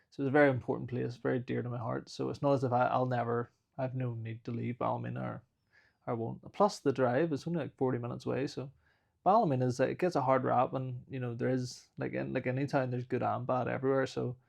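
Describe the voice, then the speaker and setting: Speaking with a medium-pitched, creaky, slightly mellow voice, this Northern Irish man in his thirties is a fighter appearing as a podcast guest for casual interview chat. He admits he's a lazy talker who sometimes mumbles.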